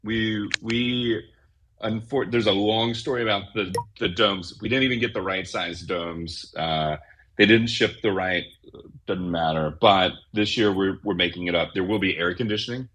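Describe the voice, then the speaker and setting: Casting note: low-pitched man with a bright, forceful tone, upbeat guest in a casual chat. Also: normal speed. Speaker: guest, event organizer. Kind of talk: casual live audio chat.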